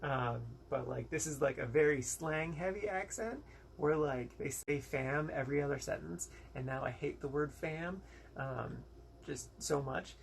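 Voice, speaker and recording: A man's voice: a little high, measured pace, gravelly, slight background noise. A young American man giving a casual, rambling movie review, frank and exasperated, with lots of fillers and quoted asides. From United States.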